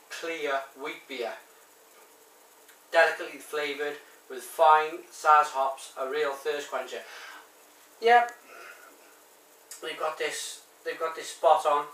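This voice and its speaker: A man's voice: a little high, pushed and bright, far from the mic. A man with a Barry Welsh accent, reviewing a bottled beer in a chatty, rambling way full of ums and restarts. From Wales. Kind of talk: casual review to camera. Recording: echoey room, voice off-mic.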